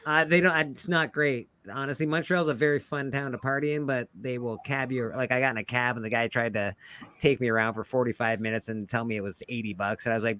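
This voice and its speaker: A man's voice: medium pitch, steady tone, fast talker, pushed and bright, dry recording. A young man from Canada hosting a casual group video call, swearing freely and telling rowdy stories. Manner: swearing, boisterous storyteller. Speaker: host.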